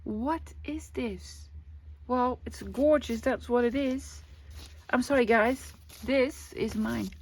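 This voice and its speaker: A woman's voice: fairly high pitch, slow, darkish tone, breathy edge. A woman, chatting casually as she shows off her craft supplies, gushing and exclaiming often. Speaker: craft vlogger. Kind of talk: casual show-and-tell.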